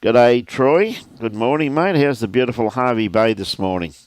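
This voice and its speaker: An older Australian man doing relaxed, chatty live commentary on a lawn bowls match, greeting viewers by name. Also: medium pitch, moderate pace, no room sound. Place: outdoor bowls club.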